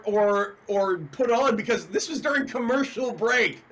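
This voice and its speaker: A man's voice: very high-pitched, unhurried, hardly any pauses, background noise. A man hosting a sports talk show, telling a teasing story in casual chat.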